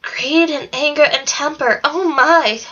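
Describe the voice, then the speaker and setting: A woman's voice: high voice, measured pace, bright, forceful tone, voice pushed up. A woman reading the lines of a cheerful little country girl with a twang, from a storybook. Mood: chirpy. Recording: dull lo-fi recording.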